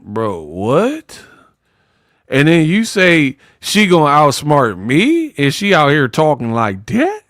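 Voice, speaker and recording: A man hosting casual boxing commentary, animated and mocking, slipping into high-pitched impressions. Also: unhurried, few pauses, dry recording, clean studio sound.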